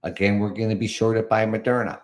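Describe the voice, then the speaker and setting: A man's voice: lowish voice, level tone, brisk. A man in his fifties from Canada, hosting a casual live podcast, often chuckling and sounding exasperated, rambling with restarts. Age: 50s. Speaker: podcast host. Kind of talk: casual live-show talk.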